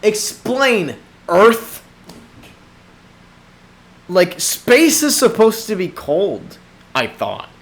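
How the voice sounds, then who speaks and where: A man's voice: sits high, drawn-out words, pauses often. A young man hosting a solo podcast, rambling and swearing as he rants into a desk microphone in a small room. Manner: profane, rambling, animated rants. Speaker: podcast host.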